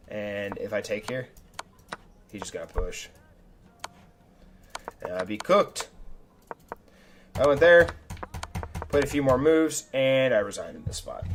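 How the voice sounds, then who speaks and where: A man's voice: mid-range voice, slight background noise. Casual young man reviewing his chess games. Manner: casual, slangy, thinks aloud with restarts. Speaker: chess streamer. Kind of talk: live game review commentary.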